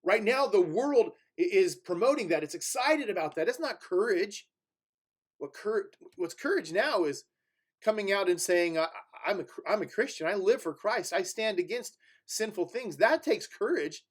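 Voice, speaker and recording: A man with a fairly high voice delivers a sermon from a church pulpit. He moves between plain teaching talk and weighty scripture reading, pressing hard on key words, with fillers and restarts along the way. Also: lively intonation, normal speed, husky. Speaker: preacher. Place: church sanctuary.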